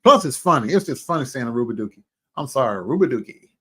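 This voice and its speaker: The host of this casual livestream chat is a man with a medium-pitched, slightly breathy voice. He comes across animated and exclamatory, with folksy asides and plenty of drawn-out humming between remarks.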